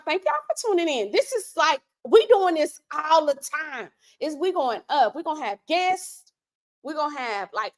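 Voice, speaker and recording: Chatty woman hosting a casual livestream. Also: on the high side. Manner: chatty, slangy, animated and laughing. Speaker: livestream host.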